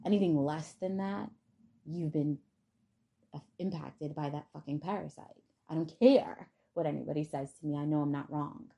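A woman's voice: deep voice, moderate pace, gravelly, warm tone. Blunt, foul-mouthed woman vlogger. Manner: blunt, profane, defiant. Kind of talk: casual spiritual monologue.

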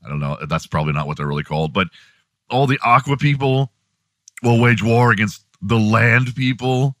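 A man's voice: mid-range voice, moderate pace, fairly bright tone, no echo, clean studio sound. A man hosting a morning show, delivering a profane, sarcastic comedic rant.

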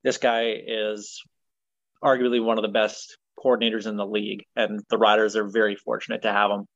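A man's voice: lowish voice, fairly quick, no room sound, dull audio. A man hosting a football talk show, chatting casually and firmly with fillers and opinions. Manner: relaxed, opinionated, many ums and uhs. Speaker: sports podcast host.

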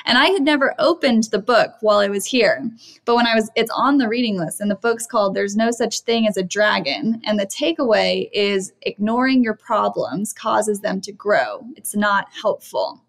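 A woman's voice: medium pitch, normal speed. A woman in her thirties hosting an interview, a coach who affirms and questions her guest. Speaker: podcast host and coach. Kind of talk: casual interview.

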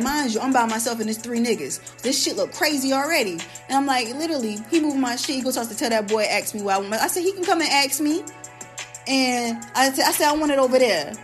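Animated, high-voiced woman telling a story. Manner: animated, profane, acts out quoted lines. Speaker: podcast host. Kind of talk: casual storytelling rant.

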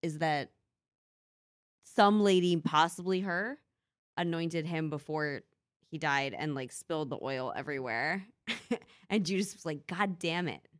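A woman's voice: deep voice, unhurried, long pauses, dry recording, studio quality. A woman chatting casually, wisecracking and jumping in with jokes and silly voices. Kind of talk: casual comedic chat.

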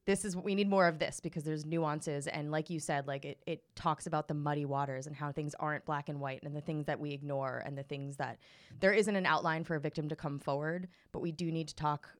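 Woman co-host, very low voice, earnest and supportive, dry sound. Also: steady tone, fairly quick, no room sound. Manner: earnest, supportive, with run-on sentences. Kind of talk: casual podcast conversation.

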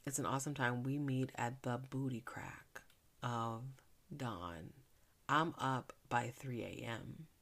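Slow and earnest, a Philadelphia-born minister with a very deep, gravelly voice chats her way through a casual devotional podcast. When prayer comes, she lowers to a soft hush.

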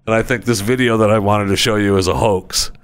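A man's voice: fairly even intonation, fairly quick, clear, resonant tone. A man hosting a podcast in a studio, rambling sarcastically in a casual comedic monologue. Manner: rambling, sarcastic, acts out people in high voices. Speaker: podcast host. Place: recording studio.

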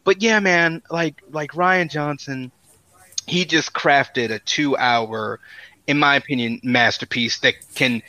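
A man co-hosting a podcast, talking enthusiastically about a movie, stumbling over repeated words when he gets excited. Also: on the high side, slow, no room sound, poor audio. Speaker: podcast co-host. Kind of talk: casual movie review chat.

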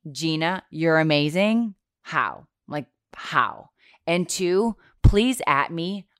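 A woman's voice: deep voice, clean tone, dry recording, studio quality. A woman in her thirties hosting a podcast in casual chat, chatty and self-deprecating, swearing casually. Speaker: podcast host.

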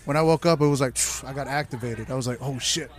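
A man's voice: medium pitch, fast talker. Profane storytelling man, casual chat. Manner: loose, profane, animated anecdotes.

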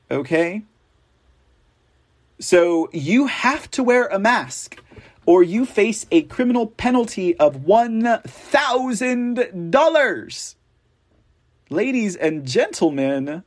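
Slow-talking sarcastic male news host. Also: on the high side, darkish tone. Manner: sarcastic, rambling, with mocking asides; slow, drawn-out delivery. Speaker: host of a political news show. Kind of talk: casual commentary reading news stories.

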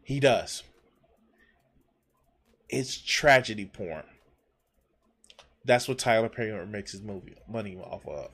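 A man's voice: lowish voice, animated, slow, long pauses, fairly bright tone, husky. A man giving casual, blunt commentary while reacting to a podcast clip, with frequent swearing. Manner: blunt and profane.

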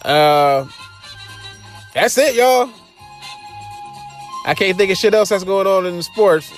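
A young man with an African American Vernacular English accent hosts his show in loose, profane commentary. His pitch sits a touch high and swings widely. Faint music plays underneath. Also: animated, slow. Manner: loose, profane, laughing asides. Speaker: podcast host. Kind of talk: casual commentary.

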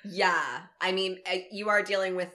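A woman co-hosting a podcast in casual chat, animated and swearing freely. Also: medium pitch, normal speed. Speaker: podcast co-host.

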